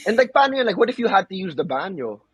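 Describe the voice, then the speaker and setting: A young man co-hosting a casual podcast, his voice a little husky and sitting somewhat high. He tells animated stories in a mix of English and Tagalog slang, laughing often. The sound is dry and close to the mic. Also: rapid-fire, no echo, low-quality recording. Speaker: podcast co-host. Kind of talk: casual chat.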